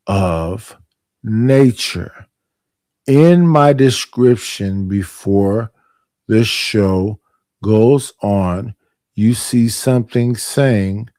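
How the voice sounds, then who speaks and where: Slow, deep-voiced man, dry sound. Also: dark tone, no room sound. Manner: slow deliberate delivery with trailing phrases. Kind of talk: casual chat.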